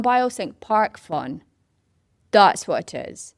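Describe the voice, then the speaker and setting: A middle-aged Scottish woman who founded parkrun chats in a casual interview about starting the community run, telling the story with animation and acting out people's voices. Her voice is mid-range at a moderate pace, and the recording is dry and studio quality.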